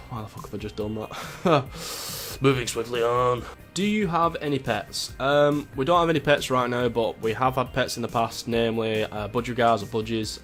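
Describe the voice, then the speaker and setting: A man in his twenties from Greater Manchester, with a local accent tinged with Yorkshire, chatting through viewer questions in a rambling, jokey, sweary way. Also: medium pitch. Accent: Greater Manchester with a touch of Yorkshire. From Greater Manchester, England. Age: 20s. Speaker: YouTuber answering viewer questions. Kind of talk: casual Q&A vlog.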